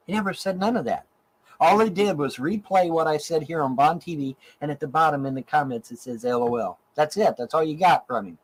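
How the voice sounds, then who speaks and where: A man's voice: on the high side, a little fast, poor audio. A middle-aged man from Ohio ranting angrily in a profane, repetitive stream monologue. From Ohio, USA. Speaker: online show host in archived clip.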